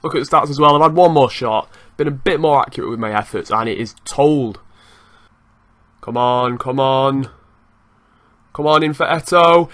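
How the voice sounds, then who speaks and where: A young man giving lively, excitable commentary over his own football video game match, swearing now and then and breaking into laughter. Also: medium pitch, normal speed, pauses often. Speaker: gaming youtuber. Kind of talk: live gameplay commentary.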